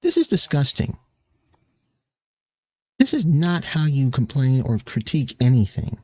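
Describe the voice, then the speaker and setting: A man's voice: mid-range voice, sing-song, unhurried, darkish tone, no echo. A man streamer delivering a heated, swearing commentary rant that mocks the people he quotes.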